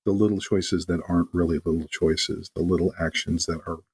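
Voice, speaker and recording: With a low, husky voice and a fairly quick pace, this man chats casually as an interview guest and game master. He tells stories animatedly and acts out the quotes himself.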